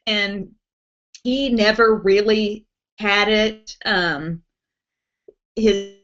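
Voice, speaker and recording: A woman's voice: mid-range voice, steady tone, extremely slow. A young woman chatting casually on a live stream at home, reading out viewer comments and giggling often. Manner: chatty, giggly, reacts brightly to viewer names. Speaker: beauty vlogger hosting a live stream. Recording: muffled, lo-fi webcam audio.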